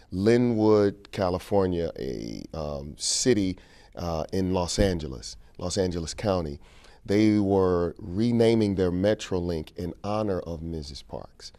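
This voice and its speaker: A keynote speaker and King speech performer from St. Louis, Missouri talks in an interview, telling stories and repeating phrases for emphasis. His voice is low and dark, and he speaks a little slowly.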